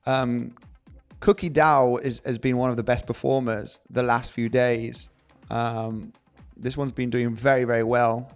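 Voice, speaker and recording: A young man hosting a live trading stream, reading viewer comments aloud in an animated, joking way, often restarting his sentences. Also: mid-range voice, unhurried, clean tone, soft background music. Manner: animated, jokey, many restarts. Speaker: livestream host.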